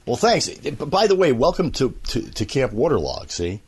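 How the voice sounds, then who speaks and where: Husky guy rambling and joking on a radio chat, voice bouncing all over. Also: mid-range voice, sing-song, normal speed. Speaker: radio guest. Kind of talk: casual interview chat.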